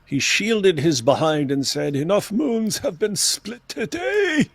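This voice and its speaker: A man voicing a pompous, posh British Shakespearean orator, reciting slowly and grandly in a theatrical manner. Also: fairly high pitch, expressive, creaky, a bit bright, no echo, full character voice. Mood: mock-solemn.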